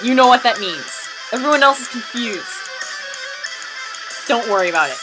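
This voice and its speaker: A woman giving casual, wry comedic commentary on a fan video, chatty and prone to excited outbursts. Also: fairly high pitch, normal speed, poor audio. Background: music from the video playing underneath.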